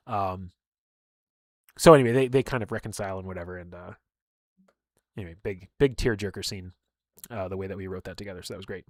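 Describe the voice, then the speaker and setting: A man's voice: low-pitched, fast, pauses often, dry recording, studio quality. A man telling stories in casual chat, rambling with many fillers and openly emotional. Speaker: streamer and game player.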